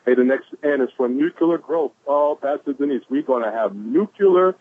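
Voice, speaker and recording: An exuberant man with a drawl gives a high-energy motivational talk over a conference call, whooping and calling out to the crowd. His voice sits at a middle pitch and comes through a thin, phone-like line. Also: normal speed. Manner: exuberant, shouts "woo", repeats "ladies and gentlemen". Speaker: caller sharing quotes.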